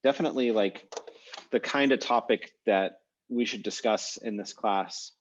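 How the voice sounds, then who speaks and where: A man's voice: on the low side, measured pace, far from the mic, a little hiss or hum. A man teaching an online language class with an American accent, talking in a chatty, rambling way with many fillers. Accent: American English. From United States. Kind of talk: casual online class discussion. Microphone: video call. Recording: muffled video call audio.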